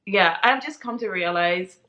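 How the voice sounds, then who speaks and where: A woman's voice: mid-range voice, moderate pace, bright, forceful tone. A young woman hosting a casual chat about motherhood, talking in a chatty way, laughing often and acting out quotes. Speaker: channel host. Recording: slightly dull lo-fi sound.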